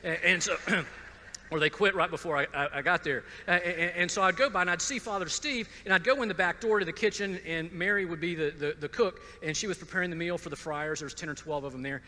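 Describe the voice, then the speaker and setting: A man's voice: high-pitched, quick pace, pushed and bright, long reverb tail. A man from Georgia gives a personal testimony talk, stumbling over repeated words and dropping wry asides. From Georgia, USA. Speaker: speaker at a conference.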